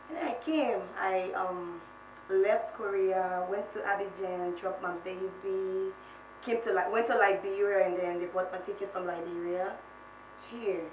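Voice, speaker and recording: A woman's voice: medium pitch, dull audio. Woman contestant telling her story, sounds far away in an echoey room with noise behind. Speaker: reality show contestant.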